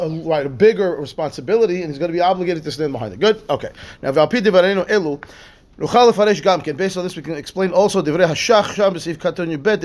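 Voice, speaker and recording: High-voiced rabbi teaching a Talmud class. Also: male voice, a little mellow. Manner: repeats words and restarts, asks "right?" often. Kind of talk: lively Torah class, reading Hebrew text and explaining.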